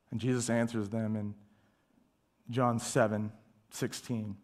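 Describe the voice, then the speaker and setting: A male pastor preaching a sermon, emphatic, asking rhetorical questions and dropping to a hush at times. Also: mid-range voice, flat delivery, measured pace, pauses often. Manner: dramatic shifts from loud to hushed, whispering asides.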